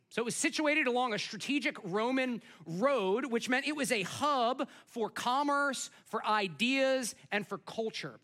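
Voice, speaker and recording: A pastor delivering a sermon, telling a family story in a casual, animated way and speaking directly to the congregation. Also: male voice, extremely high pitch. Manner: conversational, animated storytelling, asks the crowd.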